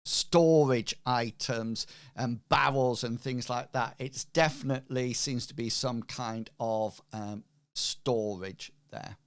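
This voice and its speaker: A man narrating as game master, slow and hesitant with many pauses. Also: medium pitch, steady tone, clean tone.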